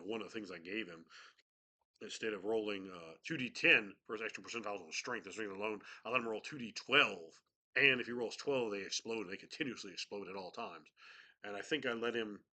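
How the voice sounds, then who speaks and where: A man's voice: fairly low pitch, bright, forceful tone. A man with a cold, a game master chatting casually and rambling, with many restarts. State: has a cold. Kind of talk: casual chat about tabletop games.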